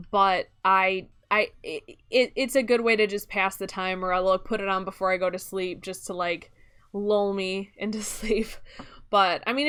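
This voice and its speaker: A woman's voice: medium pitch, a bit bright, smooth. A young woman with a Midwestern accent, chatting casually and rambling while she streams a game, often breaking into laughs.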